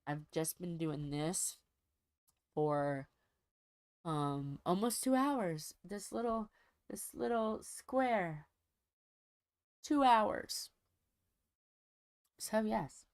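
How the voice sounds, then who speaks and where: A woman's voice: fairly low pitch, takes it slowly, a little mellow, no room sound. A woman hosting a diamond painting channel, chatting casually while she crafts and telling a rambling, folksy story from home.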